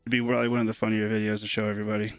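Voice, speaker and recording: A young man breaking sports cards on a live stream, telling a story in a rambling, animated, casual way. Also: on the low side, rapid-fire, no echo, faint music behind.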